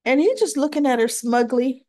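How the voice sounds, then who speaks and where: A woman's voice: high voice, lively intonation, normal speed, warm tone, no echo. Chatty woman recapping soaps, dry close sound. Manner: chatty and opinionated, talks straight to viewers. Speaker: soap opera recap vlogger. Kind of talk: casual recap chat.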